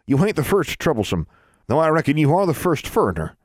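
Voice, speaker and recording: A man's voice: fairly high pitch, big pitch swings, brisk, no echo, pitched above the performer's own voice. A man voicing a kindly elderly Ozark granny witch with a folksy drawl.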